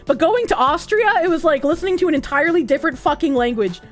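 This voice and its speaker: A young woman chats on a stream and reads out viewer messages. She is swearing and animated, with a high voice that swoops all over. Faint music plays behind her. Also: fast talker. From United States. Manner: animated, giggly, profane, with squealing high laughs. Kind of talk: casual chat reading out viewer messages.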